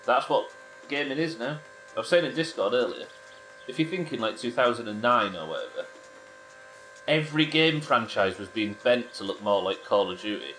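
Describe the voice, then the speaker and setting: A man's voice: medium pitch, animated, moderate pace, fairly bright tone, slight background noise. A British man streaming a driving game, chatting casually and making dry jokes with his viewers. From Britain. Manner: dry, joking banter with chat. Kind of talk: casual live-stream commentary to chat.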